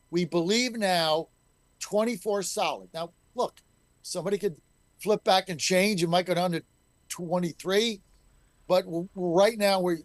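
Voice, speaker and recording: A man's voice: high-pitched, no room sound. A middle-aged man, a state legislator guest on a talk radio show, speaking in an emphatic, combative way. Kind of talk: call-in talk radio interview.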